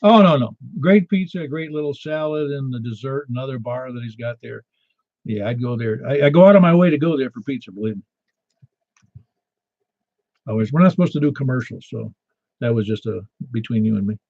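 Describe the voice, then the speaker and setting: A man's voice: mid-range voice, a little fast, no room sound, phone-quality sound. A man in his sixties from Niagara Falls, New York, hosting a ham radio net in a casual, self-deprecating, storytelling way. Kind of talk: casual on-air radio chat.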